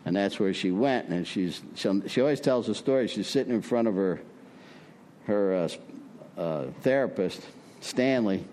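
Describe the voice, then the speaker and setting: A man's voice: lowish voice, lively intonation, normal speed, darkish tone, a little hiss or hum. An older man sharing his story at a recovery meeting, talking in a folksy way with many fillers, his voice rising when he preaches. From Prescott, Arizona. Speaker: recovery speaker.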